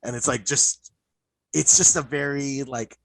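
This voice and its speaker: A man co-hosting a podcast, excitedly retelling cartoon episodes in casual chat, full of fillers and swearing. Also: medium pitch, unhurried, creaky, no room sound, rough recording. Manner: excited, profane storytelling, many "like" fillers. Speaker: podcast co-host.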